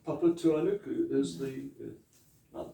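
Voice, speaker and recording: Gravelly New man teaching, echoey room. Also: medium pitch, warm tone, distant mic, a little hiss or hum. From New Zealand. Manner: chatty, laughing asides, repeats words slowly for pronunciation. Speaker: pastor teaching te reo Māori. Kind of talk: informal language lesson.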